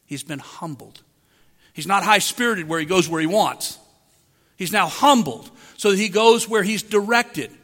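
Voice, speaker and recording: A man's voice: high voice, unhurried, a bit bright. A man preaching a sermon to a congregation in a room, emphatic and often asking his listeners rhetorical questions. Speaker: pastor. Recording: long hall reverb.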